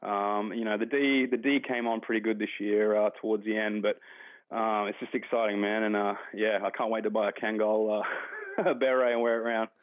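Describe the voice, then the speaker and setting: A man from Australia with an Australian accent, calling in to a podcast and chatting in a relaxed, rambling way. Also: on the low side, brisk, no echo. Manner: relaxed, rambling fan talk. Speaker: caller. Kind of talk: phone call-in chat. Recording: phone line.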